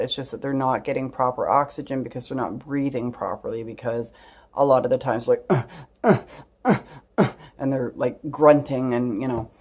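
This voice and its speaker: A woman's voice: very deep voice, a little mellow. A middle-aged woman telling a story to her camera at home, rambling, with frequent ums and asides. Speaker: vlogger. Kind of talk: casual storytelling vlog.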